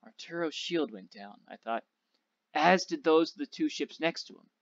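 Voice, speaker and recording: A male teacher reading a novel aloud to his class, with a steady, measured storytelling delivery. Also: on the high side, dry recording. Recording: dull, dry lo-fi recording.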